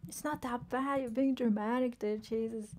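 A woman's voice: fairly high pitch, fairly even intonation, moderate pace, a little mellow. A woman streaming a video game, chatting with her chat and swearing when things go wrong. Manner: swears often, exclaims in frustration; chatty, reads chat aloud and answers it. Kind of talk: casual gameplay commentary.

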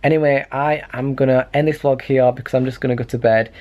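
A man's voice: mid-range voice, fairly even intonation, fast talker, highs cut off. Young male vlogger, slight lisp, chatty self-deprecating bedroom talk. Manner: chatty, rambling, self-mocking. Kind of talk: casual vlog chat. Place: bedroom at night.

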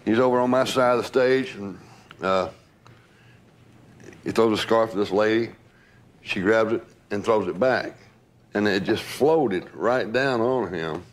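An older man, telling old stories in a rambling way, repeating words and laughing as he goes. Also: lowish voice. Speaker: former entourage member telling stories. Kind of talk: casual storytelling.

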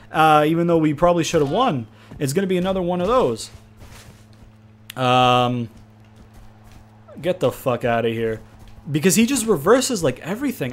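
A young man giving casual, profane let's-play commentary, trash-talking and excitable as he plays a wrestling game. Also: fairly high pitch. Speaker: gaming commentator.

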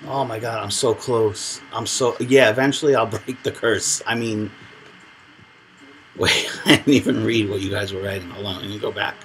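A man's voice: on the low side, steady tone, normal speed, a bit bright, slight background noise, rough recording. A man live-streaming a video game, talking to his viewers and reading chat, exasperated at the game and out of breath. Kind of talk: live gameplay commentary. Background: game music.

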